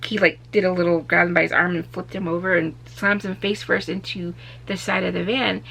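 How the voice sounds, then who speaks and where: A young woman vlogger from Arizona telling a story in a casual, animated way, acting out what people said. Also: fairly low pitch, a little fast, gravelly, husky. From Arizona, USA. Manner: animated, acts out quotes with raised voice.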